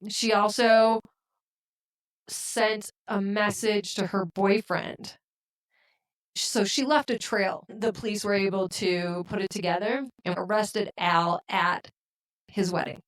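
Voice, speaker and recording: A woman co-hosting a podcast, talking in casual discussion and making her points in a measured, deliberate way. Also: medium pitch, fairly even intonation, poor audio. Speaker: podcast co-host.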